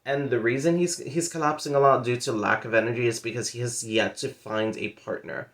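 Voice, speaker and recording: A man's voice: mid-range voice, steady tone, fairly quick, gravelly, a bit bright. A man in a casual book vlog, talking loosely with lots of fillers and playful asides as he retells a story. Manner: chatty, many fillers like "like" and "pretty much". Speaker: book vlogger. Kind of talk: casual monthly reading wrap-up.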